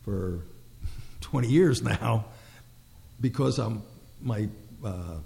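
A man's voice: on the low side, lively intonation, very slow, creaky, warm tone. An older man in casual conversation who talks hesitantly and rambles, filling his speech with "you know". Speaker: client.

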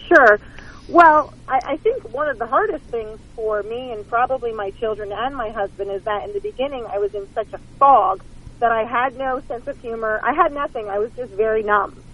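Woman guest calling in by phone: a candid, self-mocking storyteller with a slightly high voice, slightly muffled sound. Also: normal speed, husky. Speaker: author and guest. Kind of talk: phone-in interview, casual storytelling. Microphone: phone line.

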